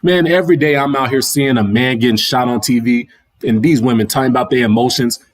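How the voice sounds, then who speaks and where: A man's voice: mid-range voice, fast talker. A young adult man hosting a livestream, talking in a loose, slangy rant that keeps circling back over the same points. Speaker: livestream host. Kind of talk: casual ranting monologue. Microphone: livestream mic.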